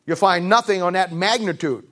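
A man preaching a sermon with emphatic, repeated phrases, swinging from raised peaks to low drops. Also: normal speed, a bit bright. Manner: emphatic, rising to high-pitched emphasis and dropping low.

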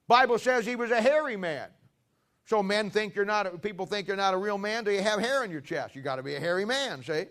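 A man preaching a sermon who questions the congregation and drives his points home with loud, emphatic stresses. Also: high voice, lively intonation, brisk.

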